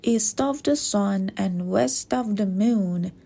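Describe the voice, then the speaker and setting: A woman's voice: mid-range voice, slow pace, gravelly, dark tone, slightly rough, exaggerated voice. A woman voicing the north wind, a kindly male spirit in a storybook.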